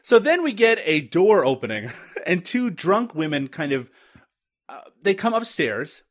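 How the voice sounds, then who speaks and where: Male podcast host, fairly high and very lively voice, wisecracking. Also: unhurried. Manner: sarcastic, joking, laughs often. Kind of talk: casual chat.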